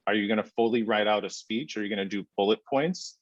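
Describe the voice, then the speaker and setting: A low-pitched man speaking as a podcast guest, easygoing and conversational. He leans on fillers and uses deliberate pauses. The recording is dry and a bit dull. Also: fairly even intonation, dry recording. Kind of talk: conversational interview answers.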